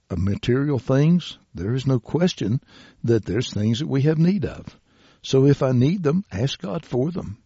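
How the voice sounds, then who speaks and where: A male preacher delivering a sermon at an unhurried, deliberate pace, his low, mellow voice slightly husky. He reads scripture passages aloud as he goes. The recording is dull and lo-fi, with a dry sound. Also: no echo.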